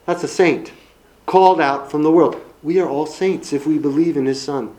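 A man's voice: fairly high pitch, moderate pace, dark tone, rough recording. A man preaching a sermon, reading scripture aloud and expounding it with emphatic repetition.

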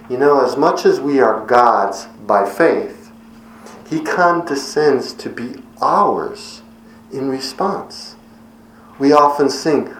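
A middle-aged man gives a devotional sermon, earnest and measured, stretching out the words he wants to stress. His voice sits at an ordinary pitch and carries a roomy echo. A faint hiss of room sound sits behind him. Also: expressive. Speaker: preacher. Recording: echoey room with faint ambience.

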